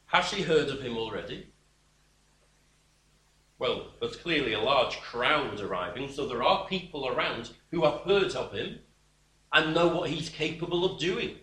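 A man preaching a sermon slowly and emphatically, dropping at times to a quiet voice. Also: medium pitch, expressive. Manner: slow, emphatic preaching with sudden drops to a quiet voice. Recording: echoey room.

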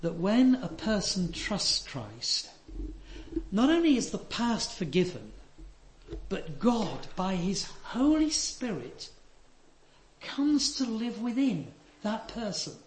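An older man preaching a sermon, earnest and emphatic, dropping to soft asides. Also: sits high, big pitch swings, takes it slowly. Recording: echoey hall.

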